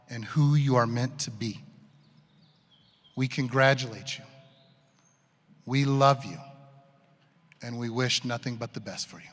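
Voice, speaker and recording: A man's voice: mid-range voice, a bit bright. A man delivering a graduation speech outdoors, telling a funny family story with self-deprecating humor before closing earnestly. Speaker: graduation speaker. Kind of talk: commencement speech. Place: outdoor stadium ceremony. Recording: reverberant public address sound.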